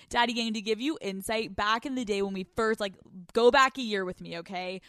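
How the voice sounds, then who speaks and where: A young woman hosting a podcast from a couch at home, telling stories in casual, animated chat full of swearing. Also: mid-range voice, fairly quick, clear, resonant tone, no echo, studio quality. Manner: animated, profane, storytelling. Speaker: podcast host.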